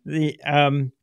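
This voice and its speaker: A man's voice: on the high side, clear, resonant tone, dry recording. A middle-aged man hosting a casual interview, rambling and laughing often as he reminisces. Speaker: podcast host, former filmmaker.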